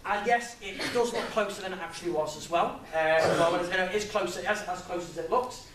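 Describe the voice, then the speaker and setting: A young man giving an informal, jokey talk to an audience, chatty and quick to laugh at his own stories. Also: sits high, a bit bright. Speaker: guest speaker. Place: lecture room with audience. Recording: echoey room, mic at a distance.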